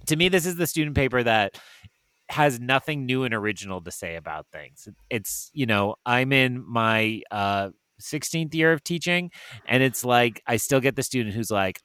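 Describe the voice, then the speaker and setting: A man's voice: mid-range voice, animated, moderate pace, a bit bright, smooth, dry recording. A middle-aged man, a podcast co-host reviewing a film, talking in a wry, sarcastic, chatty way with many fillers. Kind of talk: casual chat.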